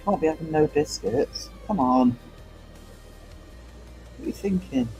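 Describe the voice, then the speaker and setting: Chatty man, rather high. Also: expressive, unhurried, vocal fry, darkish tone, soft background music, rough recording. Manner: rambling, chatty, laughs easily. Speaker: artist live-streaming. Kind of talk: casual chat with stream viewers.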